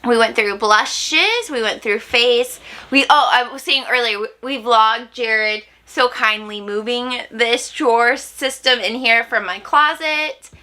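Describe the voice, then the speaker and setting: A woman's voice: fairly high pitch, measured pace, pushed and bright. A woman chatting casually to camera at home as a makeup vlogger, rambling and giggly. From United States.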